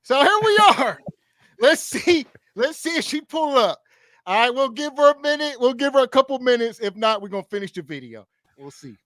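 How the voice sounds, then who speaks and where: Easygoing male podcast host, high voice, dry close sound. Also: very animated, normal speed, fairly bright tone, no room sound. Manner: easygoing, inviting. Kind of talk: casual podcast chat.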